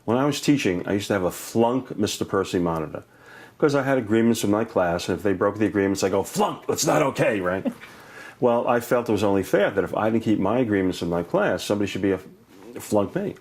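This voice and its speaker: An older man from Brooklyn, an educator and author, telling warm anecdotes in an interview, laughing often and acting out voices. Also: lowish voice, quick pace. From Brooklyn, New York. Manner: animated, laughs often, acts out voices in stories.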